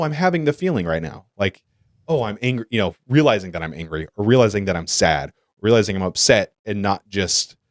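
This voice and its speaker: In a casual podcast discussion, a man tells animated stories, rambling and correcting himself along the way. His voice is low-pitched, with studio-quality sound and no echo.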